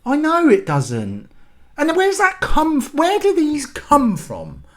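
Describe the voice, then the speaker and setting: A man's voice: very high voice, huge pitch swings, slow pace, fairly bright tone. A man hosting his own channel, ranting in an exasperated, sweary, rambling way. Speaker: channel host. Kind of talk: ranting vlog monologue.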